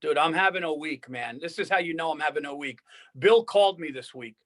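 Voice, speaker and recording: A man's voice: fairly high pitch, fairly quick, fairly bright tone. A man co-hosting a casual comedy podcast, telling rambling, profane, worked-up stories. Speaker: podcast co-host.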